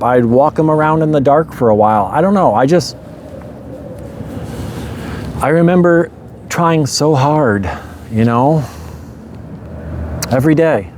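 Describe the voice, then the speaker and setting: A man's voice: a little high, measured pace, pauses often, darkish tone. Young guy talking about his life, candid, lots of "you know" and little laughs, faint traffic noise outside. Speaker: storyteller sharing his life story. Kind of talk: casual spoken memoir.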